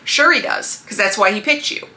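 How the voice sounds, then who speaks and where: Bright-voiced woman giving pep talk. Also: medium pitch, normal speed. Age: 30s. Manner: animated, preachy, speaks directly to the viewer. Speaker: lifestyle vlogger. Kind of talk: motivational vlog talk to camera.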